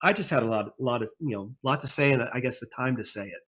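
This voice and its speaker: A man's voice: medium pitch, fast talker, a bit bright, slightly rough. A man in his forties, a guest musician telling his story in a rambling, casual interview, laughing often.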